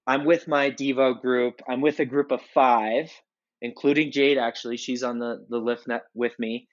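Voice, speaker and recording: Casual male podcast co-host, mid-pitched, chatty and rambling, slightly dull recording. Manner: rambling storyteller, frequent restarts. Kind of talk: casual chat.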